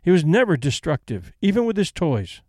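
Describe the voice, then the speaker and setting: A plain middle-aged companion woman who speaks flatly and dutifully and holds her feelings in, as read by a male storyteller. The tone is a little high and the sound is close and dry. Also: normal speed, dry recording. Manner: restrained, flat, dutiful.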